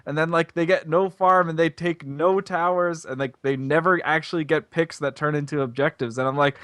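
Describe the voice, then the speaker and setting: A man's voice: on the high side, steady tone, a little fast, hardly any pauses, fairly bright tone, no room sound, studio quality. A man co-hosting a gaming podcast, earnest and explanatory. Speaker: podcast co-host. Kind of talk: casual chat.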